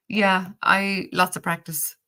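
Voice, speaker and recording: A woman's voice: mid-range voice, pushed and bright. A woman with a Cork Irish accent chatting casually on a live stream, laughing often and swearing freely while reviewing a tarot deck. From Ireland.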